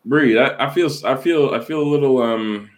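A man hosting a casual web quiz show, reading questions slowly and teasing the contestant. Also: mid-range voice. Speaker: quiz host.

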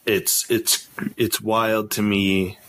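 A man's voice: fairly low pitch, little pitch movement, drawn-out words, fairly bright tone, a little hiss or hum. A man hosting a casual podcast chat, rambling and laid-back, with lots of "like" and "you know". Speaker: podcast host.

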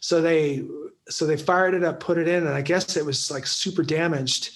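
A man's voice: fairly high pitch, moderate pace. A man in casual film talk, rambling with many restarts and fillers.

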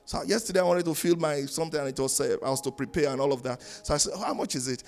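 Emphatic pastor preaching. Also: male voice, fast talker, soft background music. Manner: emphatic preaching, swings between loud sung-out lines and low asides. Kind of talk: sermon. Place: church in Canada.

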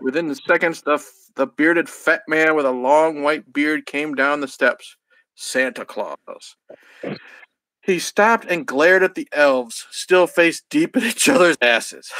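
A man with a high voice reads a crude comic story aloud for his podcast, chuckling at it and stumbling on the odd word. The sound is dry and close, with no room around him. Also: animated, slow, pushed and bright, no room sound, poor audio. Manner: laughing at his own reading, stumbling over words. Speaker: podcast host.

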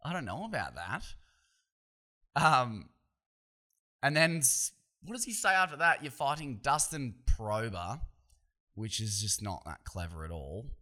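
On his own casual podcast, an Australian man rambles through a profane, opinionated solo rant, restarting and looping back as he goes. The voice is medium-pitched, bright, forceful and a bit tense, with lively intonation and an unhurried pace.

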